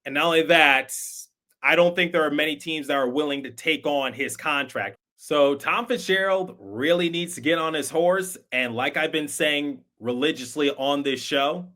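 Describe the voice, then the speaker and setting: A man's voice: on the high side, unhurried, pushed and bright. A man hosting a sports podcast, giving conversational, emphatic opinion commentary with some repeated words. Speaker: podcast host.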